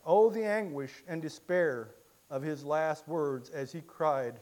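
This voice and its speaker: A male preacher delivering an impassioned sermon with a slightly raised voice. He drops to a hush and then rises into loud, emotional cries as he retells the story. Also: a little high, slow. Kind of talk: sermon with dramatic first-person storytelling.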